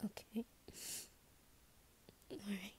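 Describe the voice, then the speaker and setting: A woman voicing an anxious, tender young woman who softly reassures her partner, in a whispered role-play. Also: very slow, slight background noise. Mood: tender, worried. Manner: soft, reassuring, worried. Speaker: ASMR role-play creator.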